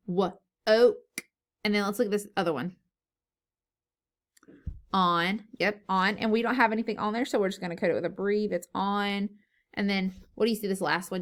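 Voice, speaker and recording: A woman teacher leading a phonics lesson for young children, slow and encouraging, sounding out words syllable by syllable. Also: medium pitch, a bit bright. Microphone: recorded lesson video.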